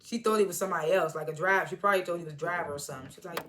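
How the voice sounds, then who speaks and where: A woman's voice: on the low side, racing, a bit bright, a little hiss or hum. A woman casually recapping a TV episode, chatty and slangy as she retells scenes. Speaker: TV show reviewer.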